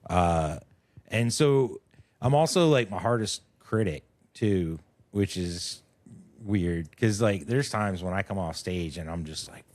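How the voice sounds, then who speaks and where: A middle-aged man, a comedian guest, talking casually on a podcast in a rambling, halting, self-critical way. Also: sits low, animated, a little mellow, no echo.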